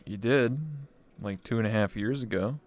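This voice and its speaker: A man's voice: on the low side, moderate pace, faint music behind. A man from Canada hosting a casual interview, joking and loose, reading questions from a live chat. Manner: loose, joking, slips into a mock Texan drawl for gags. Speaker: interview show host.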